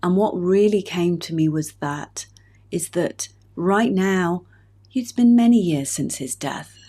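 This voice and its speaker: A woman in her fifties, a relationship coach hosting her own podcast, speaking in a gentle, heartfelt, personal way. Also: fairly low pitch, slow. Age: 50s. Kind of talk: reflective solo podcast talk.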